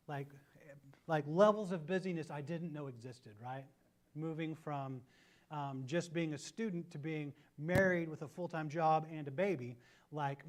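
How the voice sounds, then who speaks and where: Chatty male preacher, a touch high. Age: 30s. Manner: animated storyteller, often adds "right?" to check in with listeners. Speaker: pastor. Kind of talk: conversational sermon.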